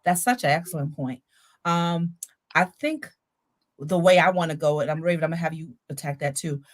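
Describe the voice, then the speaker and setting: A woman's voice: low voice, normal speed. A woman hosting a casual faith-based talk on emotional health, earnest and preacherly, repeating her points for emphasis. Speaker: podcast host.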